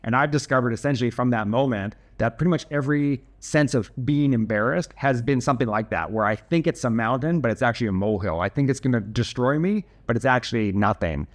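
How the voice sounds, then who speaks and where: A man's voice: medium pitch, quick pace, hardly any pauses. A young man casually telling a personal story to camera, chatty and self-deprecating, with lots of fillers and restarts.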